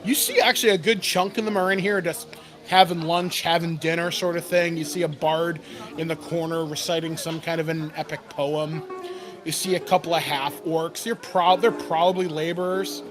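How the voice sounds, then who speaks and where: A man narrating a tabletop game as game master, relaxed and rambling, laughing often. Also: a little high, normal speed, over music.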